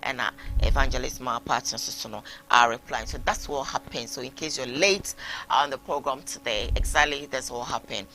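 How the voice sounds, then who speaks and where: A man's voice: medium pitch, moderate pace, a little hiss or hum. A Ghanaian man hosting a live talk show, reading out viewer messages and mixing English with Twi. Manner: animated, switching between English and Twi. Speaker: host. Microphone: live-streamed talk show.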